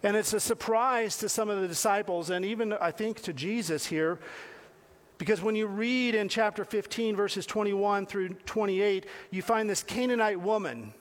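Man, conversational preacher with a high voice, asks the congregation questions and repeats phrases. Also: moderate pace. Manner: talks directly to listeners with questions, repeating phrases. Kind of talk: conversational sermon.

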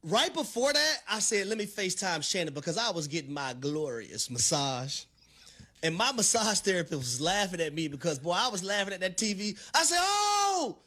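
Man, middle-aged, high and bright, swooping sing-song, preacher-style sports radio hype. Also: lively intonation, fairly quick. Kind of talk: animated sports radio banter.

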